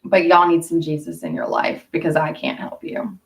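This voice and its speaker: A woman's voice: deep voice, expressive, normal speed, creaky. Woman, casual vlog chat, blunt and profane, rambling, slightly distant from the mic. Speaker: vlogger.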